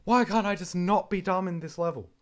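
A man's voice: high voice, a little fast. A man commenting as he plays a rhythm game, breaking into exasperated outbursts and mocking himself. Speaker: gamer playing a rhythm game. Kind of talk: live gameplay commentary. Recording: game music under voice. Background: electronic game music.

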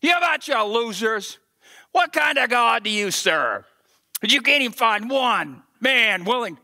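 A man preaching voices a boastful giant warrior, shouting taunts at an opposing army. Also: very high-pitched, expressive, a little slow, exaggerated voice. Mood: taunting.

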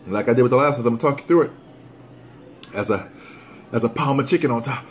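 A man doing a casual hot sauce challenge vlog at home, animated and joking while his mouth burns from the sauce. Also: mid-range voice, fast talker, a little hiss or hum. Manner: animated, joking, breaks into whoops and coughs. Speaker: vlogger.

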